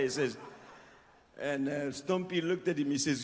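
Onstage at an outdoor festival, a musician speaks to the crowd between songs, chuckling through a story and coaching the audience. His voice is slightly high with lively intonation at a normal pace. The live recording is reverberant, with the band playing and a faint hiss or hum.

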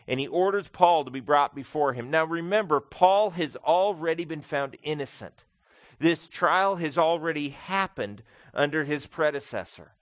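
Male pastor preaching a sermon; earnest and emphatic, mid pitch, dry close sound. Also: a bit bright, no room sound. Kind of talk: expository sermon. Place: church.

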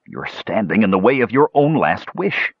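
A man voicing a steady half-elf warrior in an audiobook, calm and commanding. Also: fairly low pitch, normal speed, slightly rough, no echo, dull audio, full character voice. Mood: firm. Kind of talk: audiobook character voice.

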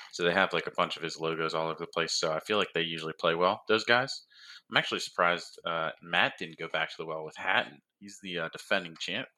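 A man with a very low but bright, forceful voice co-hosts a loose sports talk show. He walks through his betting picks in an easygoing, rambling way. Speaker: co-host. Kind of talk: casual sports chat.

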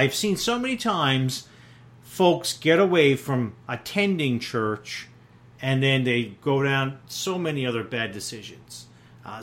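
A man's voice: medium pitch, a bit bright. A middle-aged man from Newfoundland, a pastor preaching a sermon in a folksy, plain-spoken way, with many fillers and restarts.

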